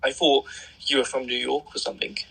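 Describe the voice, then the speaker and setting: A young man with an English accent, chatting as a guest in a blunt, joking, animated manner. His voice is gravelly and somewhat husky, with a bright, forceful edge. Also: mid-range voice, a little fast, low-quality recording. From England. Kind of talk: casual interview chat.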